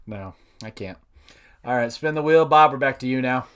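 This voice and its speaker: A man's voice: medium pitch, normal speed, a bit bright, clear, resonant tone. A man hosting a casual podcast trivia game, upbeat and laughing often. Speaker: game show host.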